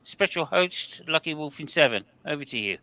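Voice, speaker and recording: Bright, crisp man on a dull mic. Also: on the high side, expressive, normal speed, no room sound. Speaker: podcast co-host. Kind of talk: casual chat.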